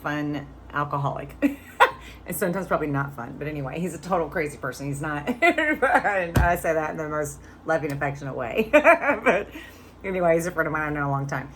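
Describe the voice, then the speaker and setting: Woman, 50s, low voice, chatty and candid vlogger storytelling to camera, with faint noise behind her. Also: lively intonation, a little fast, a bit bright. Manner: chatty and candid, swearing casually.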